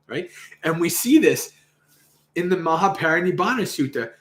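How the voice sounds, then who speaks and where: A man's voice: a little high, sing-song, moderate pace, a bit bright. A man hosting a livestream, reading a Buddhist sutta aloud and commenting casually, laughing often and acting out the quoted lines. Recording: roomy echo.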